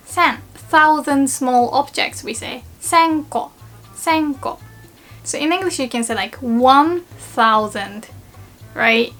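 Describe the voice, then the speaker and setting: High-voiced chatty woman teaching. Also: a bit bright. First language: Japanese. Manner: chatty, giggly, playful. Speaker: language teacher. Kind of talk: casual video lesson.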